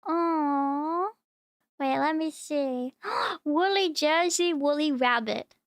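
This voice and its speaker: A woman's voice: high voice, slow, no echo, studio quality. A young woman streaming, chatting casually and gushing over cute animal videos. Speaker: VTuber streamer.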